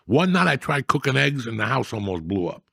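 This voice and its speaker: A man's voice: medium pitch, sing-song, fairly quick, gravelly, fairly bright tone, slightly rough, dry recording, studio quality. A middle-aged man, telling profane, rambling stories in a blunt, casual chat. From New Jersey. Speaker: storyteller guest.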